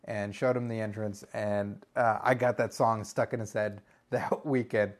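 A man telling a story on a podcast in a casual, animated way, swearing freely and breaking into loud exclamations. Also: fairly low pitch, unhurried.

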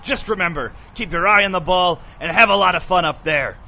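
An actor playing an earnest, mild-mannered youth T-ball coach who pleads patiently with hecklers. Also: male voice, sits high, brisk, vocal fry, bright, forceful tone, full character voice.

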